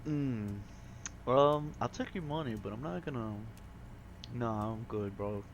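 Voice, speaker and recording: A man's voice: mid-range voice, unhurried, slight background noise, lightly acted. A man voicing a crude, sullen detective, speaking in a casual, mumbling way. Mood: grumpy. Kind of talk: fan voice acting of a game.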